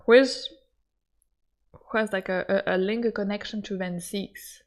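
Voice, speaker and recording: A young woman commenting excitedly while playing a game, gushing and laughing often. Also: medium pitch, unhurried. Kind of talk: excitable let's-play commentary.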